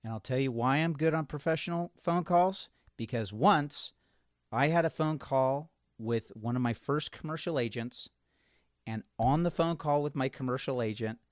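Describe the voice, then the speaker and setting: Animated man telling stories, dry sound. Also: mid-range voice, moderate pace, no echo. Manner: animated storyteller, acts out quotes. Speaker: podcast host. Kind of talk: casual chat.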